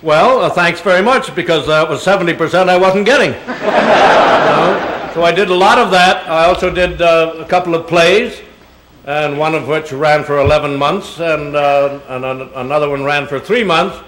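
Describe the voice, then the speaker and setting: A man's voice: fairly high pitch, steady tone, normal speed, a bit bright. An older man, a guest speaker, answering audience questions with rambling, chuckling stories full of fillers. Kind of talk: public Q&A talk. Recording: echoey hall sound.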